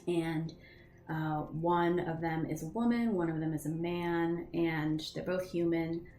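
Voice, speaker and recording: A woman's voice: low voice, fairly even intonation, a little slow, mellow, echoey room, soft background music. A young woman narrating a tabletop game as game master, casual and full of ums and restarts.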